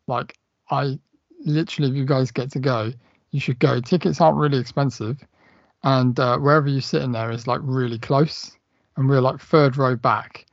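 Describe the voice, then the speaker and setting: A man's voice: mid-range voice, dry recording, highs cut off. A man co-hosting a casual podcast chat, rambling with lots of fillers and swearing. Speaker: podcast co-host.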